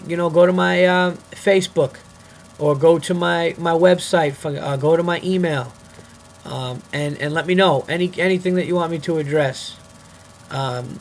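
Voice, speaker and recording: A young man hosting his own podcast, talking alone in a goofy, rambling way and swearing freely. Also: on the high side. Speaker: comedian podcast host. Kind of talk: casual solo podcast monologue.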